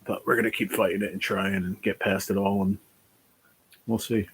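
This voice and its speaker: A man's voice: fairly low pitch, level tone, normal speed, slightly rough. A worn-out man chatting casually on a livestream, reading and answering chat, sighing and swearing now and then. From New Jersey.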